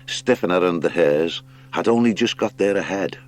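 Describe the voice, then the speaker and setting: A man reading a children's adventure audiobook as narrator, with expressive storytelling. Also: low voice, normal speed. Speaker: audiobook reader. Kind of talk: scripted narration.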